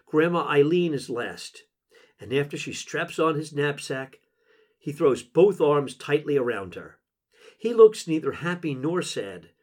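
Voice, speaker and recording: A middle-aged man narrating a memoir audiobook in an emotional, intimate, measured way. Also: a little high.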